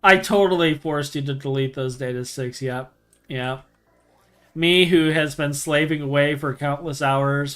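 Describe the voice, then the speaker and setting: Bright-voiced joking male streamer. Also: a little high, fairly even intonation, a little slow. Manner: joking, sarcastic banter with frequent laughter. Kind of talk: casual gaming stream chat.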